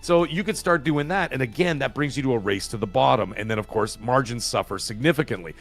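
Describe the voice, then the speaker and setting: A man's voice: mid-range voice, brisk, creaky. A man with a Canadian accent, a guest commentator in a casual podcast discussion, talking in an opinionated, emphatic way with frequent self-corrections.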